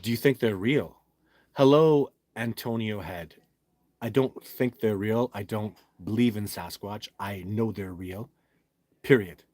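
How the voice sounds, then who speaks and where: Rambling livestream host, lowish voice. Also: male voice, measured pace, a little mellow, dry recording. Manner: rambling, restarts often, reads comments aloud; emphatic and certain. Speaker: livestream host answering viewer comments. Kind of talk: casual live chat.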